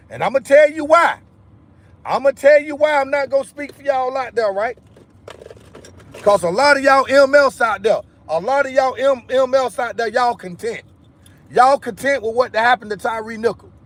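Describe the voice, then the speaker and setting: Angry high-voiced man ranting. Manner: heated, repetitive, profane ranting. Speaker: livestream host. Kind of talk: angry livestream rant.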